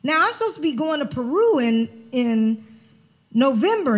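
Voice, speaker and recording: High-voiced woman telling a sermon story. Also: moderate pace. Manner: animated, conversational storytelling. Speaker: spiritual director.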